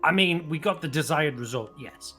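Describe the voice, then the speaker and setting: A man's voice: fairly high pitch, expressive, moderate pace, a bit bright, soft background music. A man playing in a tabletop game, recapping in a loose, joking way and swearing a lot. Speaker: player. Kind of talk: casual recap chat.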